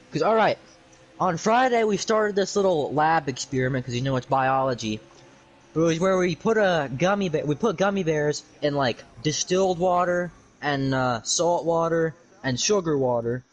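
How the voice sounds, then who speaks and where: A man's voice: on the high side, low-quality recording. A young man telling an exasperated, sarcastic, rambling story on a livestream. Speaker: streamer.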